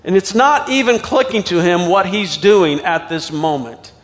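Guy preaching, kinda high voice, goes loud then real quiet, long echo like a big church. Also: unhurried. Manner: dramatic storytelling, swings from loud to hushed. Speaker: pastor. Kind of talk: sermon.

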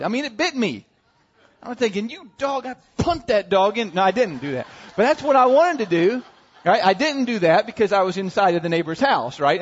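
An American man preaching a sermon as a pastor, telling humorous stories with frequent asides to his congregation. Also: high-pitched. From United States. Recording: dull, muffled sound with long hall reverb.

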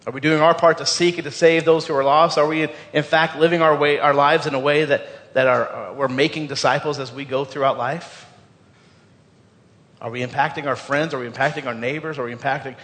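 In a church sanctuary with the long reverb of a church hall, a pastor preaches a sermon in a fairly high, fairly bright, steady voice at a fairly quick pace. He is earnest, stumbles over repeated words, and asks the congregation questions.

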